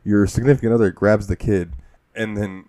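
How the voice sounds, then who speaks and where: Deep, mellow-voiced man on a gaming podcast. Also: fairly even intonation, moderate pace, no echo. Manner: laughs often, acts out game characters in quoted voices. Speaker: podcast co-host. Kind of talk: casual gaming podcast chat.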